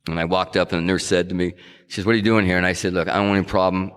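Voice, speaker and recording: Deep-voiced middle-aged man, echoey hall. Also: level tone, very fast, clean tone. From New England. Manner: earnest, conversational storytelling with frequent restarts. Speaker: recovery meeting speaker. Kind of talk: personal testimony at a sobriety meeting.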